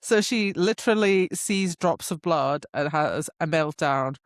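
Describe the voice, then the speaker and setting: A woman's voice: deep voice, animated, measured pace, no echo, studio quality. Laughing, rambling woman recapping a book. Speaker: podcast co-host. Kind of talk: casual book discussion.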